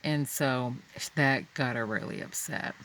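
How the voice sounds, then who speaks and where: A man recounts a personal memory in slow, unhurried phrases, pausing often and restarting his sentences. His tone is bright and forceful despite the halting delivery. A faint hum of noise sits under the voice. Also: mid-range voice. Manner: halting, full of fillers and restarts, drifts into quoted voices. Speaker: storyteller. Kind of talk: personal story told unscripted.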